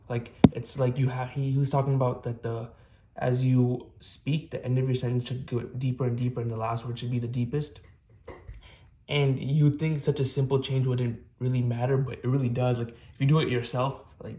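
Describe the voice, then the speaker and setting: A man's voice: medium pitch, flat delivery, a little fast, mellow. A young man talking casually to camera in a self-improvement vlog, rambling earnestly with many fillers and restarts. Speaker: vlogger.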